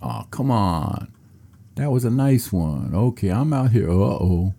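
A man's voice: fairly low pitch, animated, a little slow, creaky, dark tone, pitched above the performer's own voice, full character voice. A man imitating a famous male comedian who teases from a stage in a playful way. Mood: teasing.

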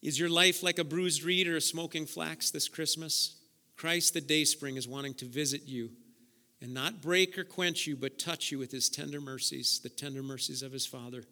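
A man's voice: on the high side, fairly even intonation, moderate pace, sharp tone. A man preaching a sermon with passion, often repeating words as he builds up. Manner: impassioned preaching, repeats words when worked up. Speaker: pastor. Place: church sanctuary. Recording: long reverb of a large hall.

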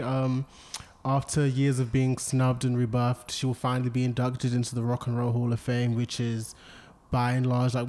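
A man co-hosting a casual podcast, mid-pitched and easygoing. He runs through the week's news loosely, with plenty of ums. The talk is relaxed and chatty. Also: a little hiss or hum. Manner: conversational, presents news items with fillers. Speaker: podcast co-host. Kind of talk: casual group chat.

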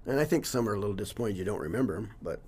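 Older coach, low husky voice, earnest and rambling, casual interview. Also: male voice, expressive, rapid-fire, dark tone. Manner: earnest and reflective, trails off with "you know, whatever". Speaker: longtime teacher and coach.

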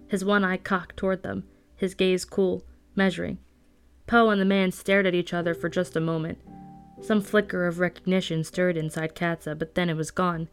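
A woman reading a novel aloud at a steady storytelling pace. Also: on the low side, normal speed, soft background music. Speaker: audiobook reader. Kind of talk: scripted narration.

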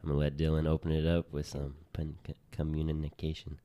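Very deep-voiced casual podcast host. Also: male voice, brisk. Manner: relaxed, addresses listeners as "you guys".

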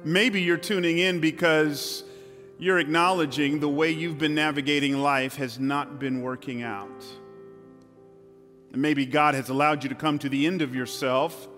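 A man preaching a dramatic sermon from a stage in a church hall, shifting between loud and hushed passages. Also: on the high side, steady tone, unhurried, faint music behind. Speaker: pastor.

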